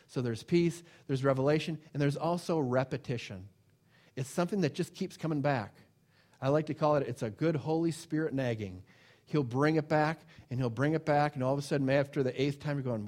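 A man's voice: medium pitch, fairly quick, darkish tone. A man giving an informal sermon and telling a personal story. He acts out quoted voices, repeats phrases and often restarts his sentences. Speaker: preacher.

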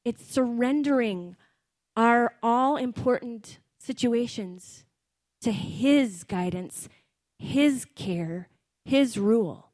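A woman's voice: a little high, slow pace, darkish tone, dry recording. A middle-aged woman preaching a sermon in an earnest, conversational way, often slipping in ums and asides.

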